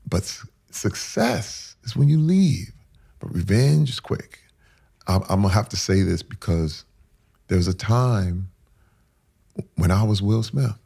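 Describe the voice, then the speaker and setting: A middle-aged man, a guest in an interview, telling an emotional personal story with intensity, dropping to hushed whispers and rising in sudden loud bursts. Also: lowish voice, gravelly, slightly rough.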